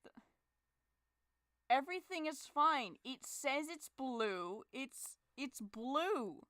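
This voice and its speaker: Young female artist, high lively voice, bright and dry, slow, cursing under her breath; casting note. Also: dry recording. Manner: swearing, exasperated, muttering to herself. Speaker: digital artist streamer. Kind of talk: frustrated casual talk while drawing.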